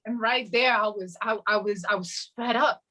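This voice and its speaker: A middle-aged woman sharing her personal testimony in an interview, telling her story with animated energy and acting out what people said. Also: fairly high pitch, normal speed. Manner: animated, acts out quoted dialogue.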